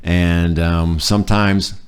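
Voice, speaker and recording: A man casually telling stories about his old job, profane and animated, bursting into loud acted-out quotes. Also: low voice, takes it slowly, smooth. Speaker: podcast guest. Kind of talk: casual storytelling chat.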